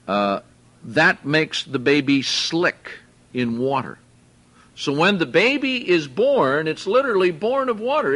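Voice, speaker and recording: A man teaching from the Bible in an unhurried, deliberate sermon, pausing on each word. His voice sits a little high and sounds bright and clear. He stops to ask his listeners plain questions. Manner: slow, deliberate, explains Greek words and asks the listeners questions. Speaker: preacher.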